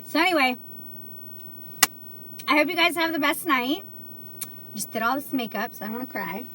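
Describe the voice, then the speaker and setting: A woman's voice: high voice, expressive, moderate pace, long pauses, bright, forceful tone, slight background noise. A woman hosting a casual livestream, talking earnestly to viewers with lots of fillers. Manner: earnest, chatty, many fillers. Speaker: livestream host selling CBD.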